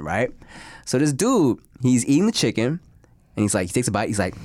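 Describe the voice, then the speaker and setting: A man's voice: medium pitch, very animated, brisk, darkish tone. A man co-hosting a casual podcast, telling a story in a loose, profane, laughing way. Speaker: podcast co-host.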